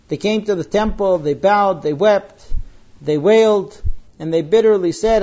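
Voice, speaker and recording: A man reading a religious story aloud while translating it on the fly, halting with pauses and restarts. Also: high-pitched, a little mellow. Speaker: reader translating a religious text. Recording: dull lo-fi recording.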